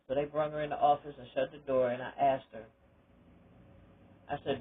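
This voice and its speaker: Older lady with a husky voice, talking straight and emphatic about her life, tinny phone-like sound. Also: very deep voice, flat delivery, normal speed, pauses often. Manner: candid, emphatic, preacherly encouragement. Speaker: retired teacher sharing her story. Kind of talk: personal testimony monologue.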